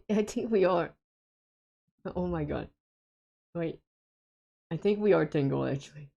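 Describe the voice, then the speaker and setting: A woman's voice: lowish voice, takes it slowly, vocal fry, warm tone, lo-fi sound. A woman streaming a co-op game with friends, chatting casually and hesitantly with lots of fillers and frequent giggles.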